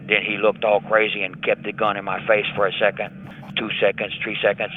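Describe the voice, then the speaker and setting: A man's voice: fairly low pitch, monotone, a little fast. Older man over a tinny prison phone. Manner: matter-of-fact storyteller, acting out dialogue. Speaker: prison inmate interviewee. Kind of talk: recounting a story over a phone call. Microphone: prison telephone.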